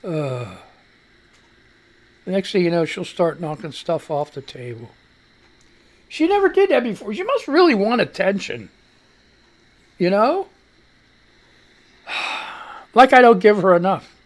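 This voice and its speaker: Animated male talk show host. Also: sits high, a little slow, pauses often. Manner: animated, swears freely, chats to his cat; reads news headlines aloud with commentary. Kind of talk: casual live talk show rambling.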